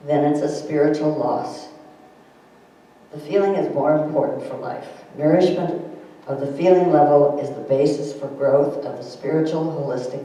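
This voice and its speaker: A woman gives an informal spiritual talk to a small gathering. Her manner is gentle and chatty, and she laughs easily at her own anecdotes. The recording sounds strongly echoey, with the mic picking her up from well across the room. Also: low-pitched, far from the mic, a little hiss or hum. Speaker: speaker giving a spiritual thought. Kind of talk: informal talk to a group, reading a quote aloud. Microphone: distant room mic.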